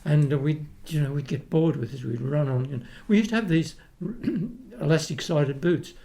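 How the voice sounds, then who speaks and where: An older man with an Australian accent chats easily, spinning one anecdote into the next. His voice sits a touch high and carries a gravelly crackle. He often loops back and restarts his sentences before carrying the story on. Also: normal speed, dark tone. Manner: rambling anecdotes with frequent restarts and laughs. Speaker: guest, retired opera tenor. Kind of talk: casual chat, storytelling.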